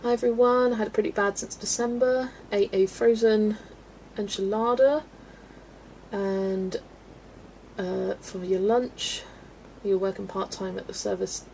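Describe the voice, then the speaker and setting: Chatty woman with a gravelly voice. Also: medium pitch, darkish tone, slight background noise. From United Kingdom. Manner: chatty, rambling, laughs often, reads chat aloud. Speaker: livestream host reading chat. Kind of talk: casual chat while colouring.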